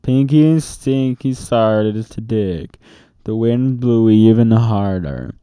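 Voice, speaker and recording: A man reading a children's book aloud in a steady, expressive storytelling manner, close to the mic. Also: lowish voice, slow, smooth, no echo. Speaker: storybook reader.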